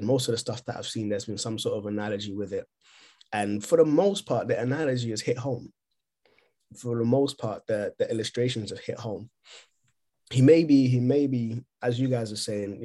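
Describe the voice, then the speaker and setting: A man co-hosting a podcast over a remote call, talking casually and haltingly, often repeating words as he thinks. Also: on the low side, mellow. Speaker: podcast co-host. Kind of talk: casual discussion.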